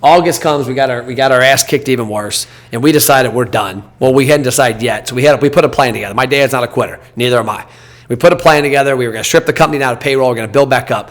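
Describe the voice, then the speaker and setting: A man in his thirties, a podcast host, telling a story in a blunt, animated, casual way. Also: medium pitch, fast. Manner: animated, blunt, acts out quoted dialogue.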